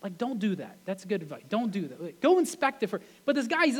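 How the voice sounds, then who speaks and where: A man's voice: high-pitched, very animated, quick pace. A man, a pastor, preaching a sermon in a conversational way, often checking in with the congregation through rhetorical questions. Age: adult with wife and kids.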